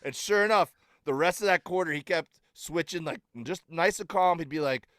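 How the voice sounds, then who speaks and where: A man's voice: on the high side, normal speed, dry recording. A middle-aged man, a comedian guest, telling stories in casual podcast chat, full of fillers and acted-out quotes. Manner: animated storyteller, filler-heavy, acts out quotes.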